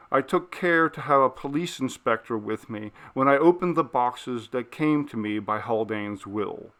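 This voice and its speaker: A man narrating a classic ghost story in the first person, measured and deliberate. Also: mid-range voice, vocal fry, a bit bright. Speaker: narrator, audiobook reader.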